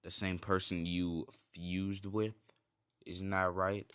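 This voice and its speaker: A man voicing a pale, white-haired armored figure who calls himself a king and maker, speaking slowly and commandingly. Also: low voice, flat delivery, a bit bright, clear, resonant tone, no room sound, clean studio sound. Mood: imperious.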